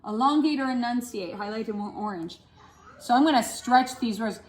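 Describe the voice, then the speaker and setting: A woman drama teacher at home, talking through how she marks up a script and thinking her choices out loud. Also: on the high side, moderate pace. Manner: talks through her choices aloud, self-instructing. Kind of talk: demonstrating script rehearsal at home.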